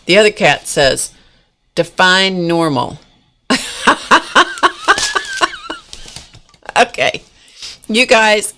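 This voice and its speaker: A woman's voice: lowish voice, bright, forceful tone. A woman hosting a casual live-stream art class from a home desk, chatting folksily with viewers as she demonstrates. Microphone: camera mic at a desk.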